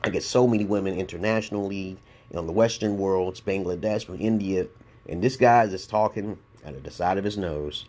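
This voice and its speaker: A man's voice: deep voice, a little fast, darkish tone. A man in his forties with a New York accent, ranting bluntly in a rambling response video, full of profanity and repeated "okay?". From Brooklyn, New York. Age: 40s. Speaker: YouTube commentator. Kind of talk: casual response-video rant.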